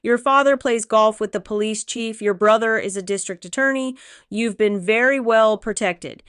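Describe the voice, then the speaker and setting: A quietly terrifying crime boss in his thirties with a Korean accent, as a woman reads him, his voice controlled and measured. The tone is smooth and clear, with a dry, close sound. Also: on the high side, dry recording, close to an everyday voice. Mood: cold.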